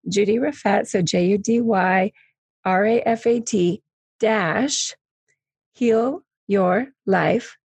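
A woman's voice: mid-range voice, slow pace, a little mellow, husky, dry recording. A woman hosting an interview, affirming and full of praise for her guest. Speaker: interview host.

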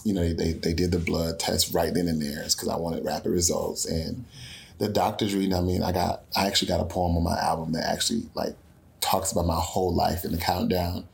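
Deep gravelly Houston man. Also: little pitch movement, a little fast. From Houston, Texas. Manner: earnest, with frequent restarts and quoted dialogue. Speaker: interview guest, musician. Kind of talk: emotional personal storytelling.

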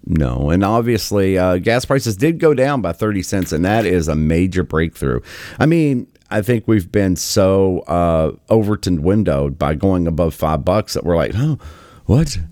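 A man's voice: low voice, lively intonation, normal speed, a little mellow, no echo. A man hosting political commentary over clips, sarcastic and exasperated, mocking what he plays.

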